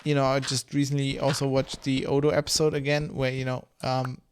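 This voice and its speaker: A man's voice: medium pitch, level tone, a little fast, noisy background. A man streaming a game, rambling in loose, casual chat full of swearing and fillers. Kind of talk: casual chat while gaming.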